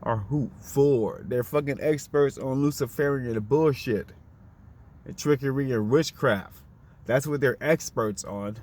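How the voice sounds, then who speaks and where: A man's voice: mid-range voice, a little mellow. A man delivering a fiery, profane, unscripted monologue, firing off rhetorical questions in a preachy tone.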